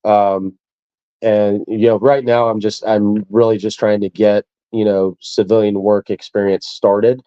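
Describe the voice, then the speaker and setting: A man's voice: fairly low pitch, flat delivery, unhurried, warm tone, clear, resonant tone, no echo. A male military veteran telling stories in a casual interview, easygoing and chuckling as he talks. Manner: easygoing, chuckles through his anecdotes. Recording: dull lo-fi dry sound.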